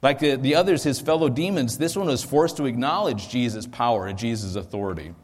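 A man's voice: medium pitch, brisk, breathy edge, long reverb tail. A male pastor teaching a sermon into a microphone, explaining in a conversational way with frequent ums and asides.

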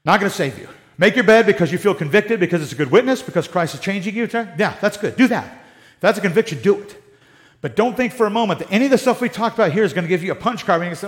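A man's voice: high voice, animated, quick pace. An American man preaching a sermon in a conversational way, with sarcastic asides. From United States. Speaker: pastor.

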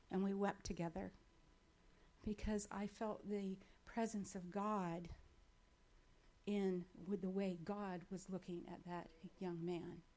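A woman speaks from a stage, telling a personal faith testimony to a gathering. She acts out her own conversations as she goes, breaking in with ums and restarts. Her voice sits at an ordinary pitch for a woman. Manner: animated storytelling with acted-out dialogue and frequent fillers. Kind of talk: storytelling testimony.

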